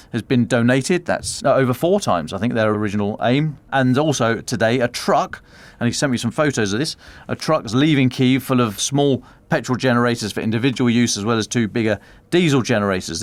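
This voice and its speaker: A man's voice: mid-range voice, no room sound. A man presenting a news roundup on a podcast, reading quotes with wry asides.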